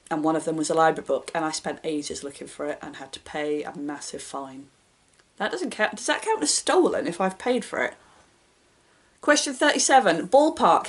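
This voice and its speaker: A woman book vlogger in casual chat, reading each question out brightly and answering in an offhand, self-deprecating way. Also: medium pitch.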